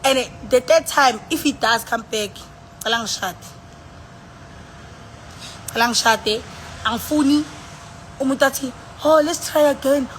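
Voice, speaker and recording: A woman's voice: fairly high pitch, measured pace, pauses often, fairly bright tone, slight background noise. Tipsy South African woman rambling live. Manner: rambling, sighing, switching between languages. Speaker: livestreamer. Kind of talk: casual live-stream chat.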